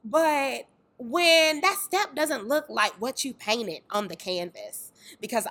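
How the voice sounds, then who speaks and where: A young woman, a fitness trainer sharing a candid faith testimony, telling it in a lively way with acted-out voices and exclamations. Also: sits high, normal speed. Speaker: fitness trainer and dance tour organizer.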